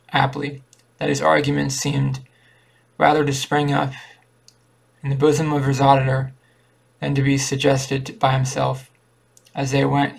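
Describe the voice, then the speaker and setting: A man reading a classic short story aloud in a flat, unhurried way. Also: mid-range voice, gravelly. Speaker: narrator.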